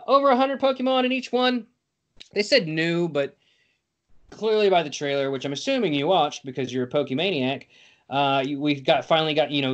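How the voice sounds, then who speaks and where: Playful young guy podcast host, fairly high voice. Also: muffled recording. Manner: playful, jokey, rambling. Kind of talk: casual chat.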